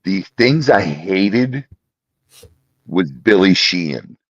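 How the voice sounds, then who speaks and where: A very deep-voiced man who speaks slowly, his pitch bouncing around as he talks gear with eager, opinionated enthusiasm. The sound is dry and slightly dull, like a modest home podcast setup. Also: expressive, no room sound. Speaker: podcast co-host; former bass player. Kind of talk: casual chat.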